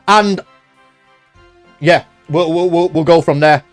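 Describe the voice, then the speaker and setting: A man's voice: fairly high pitch, normal speed, pauses often, soft background music. A young man live-streaming from home, chatting loosely and reading out viewer comments. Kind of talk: casual live-stream chat.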